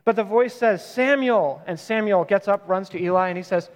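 A man's voice: sits high, fairly even intonation, brisk. A man in his thirties giving a sermon as a pastor, retelling a story in a casual, conversational way and often correcting himself. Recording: long reverb of a large hall.

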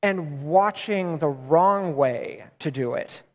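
High-voiced man preaching a casual sermon. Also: slow pace, darkish tone. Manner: casual, conversational retelling with self-corrections. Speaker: pastor. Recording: long reverb of a large hall.

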